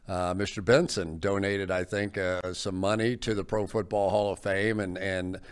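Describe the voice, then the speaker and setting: A man's voice: deep voice, flat delivery, normal speed, smooth. A man hosting an interview, chatty and admiring as he sets up questions for his guest. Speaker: show host, interviewer. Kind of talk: casual interview.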